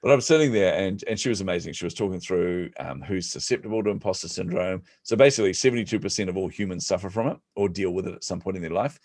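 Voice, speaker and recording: Man, podcast guest, deep voice, dry close sound, animated self-deprecating storyteller. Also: fast talker, hardly any pauses, dry recording. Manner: animated, acts out quoted voices; self-deprecating humor, frequent laughs. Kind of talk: storytelling in an interview.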